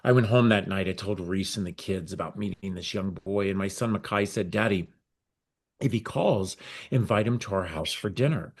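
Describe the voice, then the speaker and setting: A middle-aged man, a guest on an interview podcast, telling his story with lively acted-out dialogue. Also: sits low, normal speed, slightly rough. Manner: animated storyteller acting out quoted dialogue. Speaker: guest, nonprofit founder.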